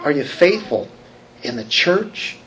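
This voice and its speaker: A man's voice: on the high side, very animated, slow, fairly bright tone. A man preaching a sermon, talking conversationally and asking the congregation questions. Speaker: pastor.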